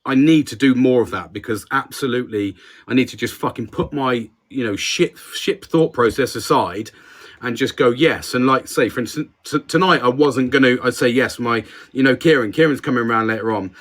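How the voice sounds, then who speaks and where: A man's voice: medium pitch, brisk, fairly bright tone. A man co-hosting a casual podcast, talking candidly and self-critically, with a lot of swearing. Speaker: podcast co-host.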